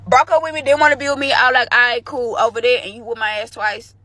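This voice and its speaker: A woman's voice: on the high side, fairly even intonation, fast talker, sharp tone. A young woman telling a candid, slangy story from her own life to the camera. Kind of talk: storytime vlog.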